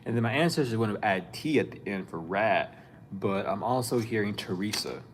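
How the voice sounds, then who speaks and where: A man's voice: lowish voice, slight background noise. Blunt, profane man giving a spiritual reading. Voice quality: profane, blunt, street-style slang. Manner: animated and scolding, with quick laughs. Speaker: spiritual reader. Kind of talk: casual spiritual reading to camera.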